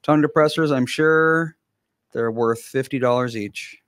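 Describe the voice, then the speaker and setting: A man's voice: medium pitch, measured pace, fairly bright tone. A man chatting casually on a podcast, easygoing and agreeable. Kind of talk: casual chat.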